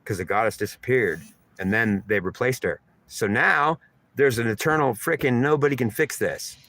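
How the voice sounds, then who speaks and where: Man, spiritual monologue, rambling, repetitive, mid-pitched, dry close sound. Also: normal speed, a bit bright, dry recording. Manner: repetitive, emphatic, stream of consciousness. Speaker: channeler giving spiritual messages.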